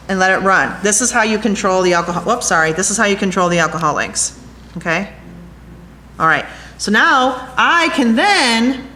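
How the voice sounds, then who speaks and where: Chatty excitable woman teaching glass craft. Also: mid-range voice, slight background noise. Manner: chatty, excitable, talks to viewers as guys. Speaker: glass art instructor. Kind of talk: hands-on craft demonstration. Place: glass studio workshop.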